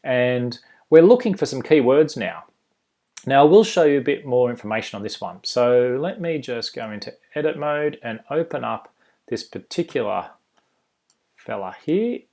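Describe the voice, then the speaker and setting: A man with an Australian accent giving an informal screen-share tutorial, full of ums and uhs and quick self-corrections. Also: medium pitch, expressive, mellow. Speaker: software developer presenting a demo.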